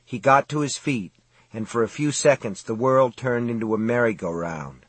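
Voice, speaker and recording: A man reads a novel aloud in a measured, dramatic way. His voice is husky, and the recording is close and dry with no room sound. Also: mid-range voice, dry recording. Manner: steady, measured, dramatic reading. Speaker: audiobook narrator. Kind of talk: scripted narration.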